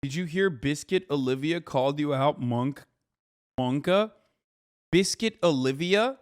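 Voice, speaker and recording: A man's voice: on the high side, unhurried, no room sound. Joking male streamer, dry sound. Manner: crude, joking, rambling. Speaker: streamer host. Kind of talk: casual live-stream chat.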